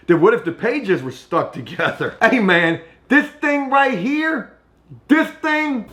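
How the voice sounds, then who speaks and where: A middle-aged man, vlogging casually and swinging between hushed asides and excited outbursts. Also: mid-range voice. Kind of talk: casual vlog talk.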